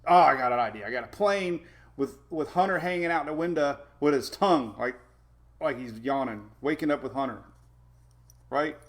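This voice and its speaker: Man, weather stream host, gravelly, slightly high voice, rambling casual chat. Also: moderate pace. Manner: rambling, reads out viewer names and talks to his puppies.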